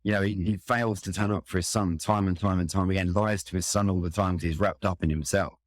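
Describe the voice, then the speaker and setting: A middle-aged Londoner, a firefighter appearing as an interview guest, tells a personal story earnestly and reflectively. His low voice stays steady and quick, and the recording is dry.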